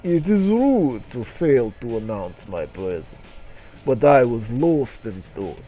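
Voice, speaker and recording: A man's voice: mid-range voice, big pitch swings, slow, warm tone, a little hiss or hum. A man voicing a polite male Tetris block with a thick put-on Russian accent and stiff, formal phrasing. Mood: courteous.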